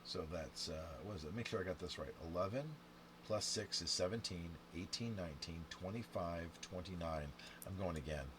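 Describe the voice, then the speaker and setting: Male game instructor, low and animated, counting scores to camera; noisy track with clicks. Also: normal speed. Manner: counts scores aloud and talks to the viewer, with sudden loud outbursts. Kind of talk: playing and explaining a dice game to camera. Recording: steady background noise with clicks and typing.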